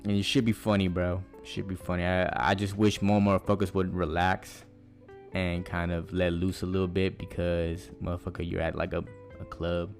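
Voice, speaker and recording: A man's voice: sits low, little pitch movement, moderate pace, faint music behind. A young man, hosting a podcast and telling rambling, profane stories in loose slang. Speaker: podcast host. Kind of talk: casual monologue storytelling.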